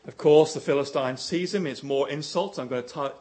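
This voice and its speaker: A man preaching a sermon, telling a story with animation, his voice rising for quoted lines and sinking low to drive points home. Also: fairly quick, hardly any pauses, a little mellow.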